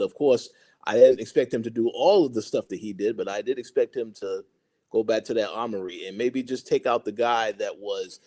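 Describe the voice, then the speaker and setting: Mellow-voiced man sharing his take on a show. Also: medium pitch. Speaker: podcast co-host. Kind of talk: casual TV recap chat.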